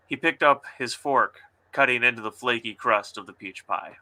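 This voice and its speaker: A man hosts a relaxed book review chat, reading prose aloud and critiquing it playfully, with a taste for dramatic pauses. His voice is very bright and ringing, at a middle pitch.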